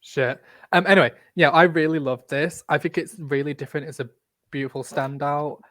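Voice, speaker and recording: A man's voice: on the high side, fairly even intonation, a little fast, a bit bright, no room sound. A man with a broad Yorkshire accent, chatting casually as a podcast co-host. His talk is blunt, jokey and full of swearing. The recording is very dry and close, with no room sound. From Yorkshire, England. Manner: blunt, profane and joking. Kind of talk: casual chat.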